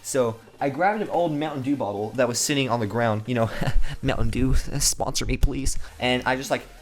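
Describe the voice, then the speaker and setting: A man's voice: mid-range voice, normal speed, soft background music. A young man telling a crude, rambling comedic story full of swearing, restarts and asides.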